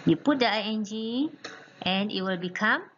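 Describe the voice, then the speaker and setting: A woman's voice: medium pitch, expressive, normal speed, a little hiss or hum. A woman teaching an English grammar lesson, patiently spelling out letters and often checking in with "okay". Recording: muffled lo-fi recording with faint music.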